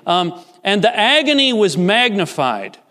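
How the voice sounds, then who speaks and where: A man delivers a sermon with a fairly high voice. He swings between rising, emphatic peaks and hushed, low asides. His voice rings with a long reverb from a church hall. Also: big pitch swings, a little slow. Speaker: pastor.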